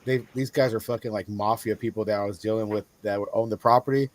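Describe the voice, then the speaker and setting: A man in casual chat, rambling through a profane, animated story. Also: fairly low pitch, fast talker, no echo.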